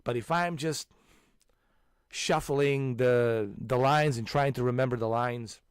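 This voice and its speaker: A man in his forties chatting casually as a channel host, animated and emphatic, restarting his sentences often. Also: medium pitch, clear, resonant tone, no echo, clean studio sound. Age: 40s. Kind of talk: casual chat.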